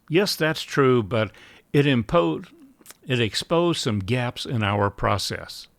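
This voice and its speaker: Man, sales trainer, measured instructional delivery, mid pitch, dry close sound. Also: lively intonation, a bit bright, no echo. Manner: measured, acts out sample buyer and seller lines. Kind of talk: instructional talk.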